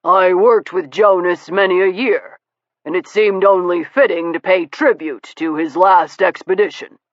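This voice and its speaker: A woman voicing a smoothly polite gentleman who calmly needles his rival, measured and courtly, in a dull, lo-fi recording. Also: lowish voice, no room sound, lightly acted. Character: suavely polite male visitor, calmly needling.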